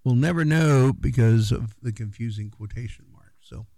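Gravelly man chatting on radio. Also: mid-range voice, normal speed, warm tone, no echo. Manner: rambling, many fillers and restarts. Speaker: radio co-host. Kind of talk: casual radio chat.

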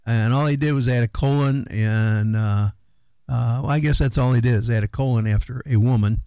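Man, middle-aged, gravelly, radio co-host, rambling casual talk. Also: mid-range voice, normal speed, mellow, no room sound. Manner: loose and rambling, many fillers. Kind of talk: casual chat.

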